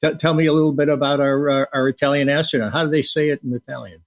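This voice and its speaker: A man's voice: fairly high pitch, steady tone, fast talker. A man hosting a podcast interview in a friendly, hesitant way. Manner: friendly, hesitant, with many fillers. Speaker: podcast host. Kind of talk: casual interview.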